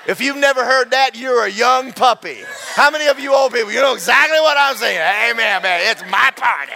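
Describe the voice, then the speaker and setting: A man preaching a sermon, folksy and animated, repeating himself and breaking into shouted asides. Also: very high voice, brisk, vocal fry, few pauses. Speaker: pastor.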